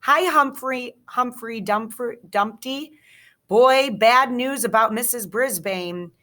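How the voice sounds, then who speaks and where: A boisterous schoolboy from a children's book, loud and blunt, as a woman reads him aloud. The delivery is slow and bright. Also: fairly high pitch.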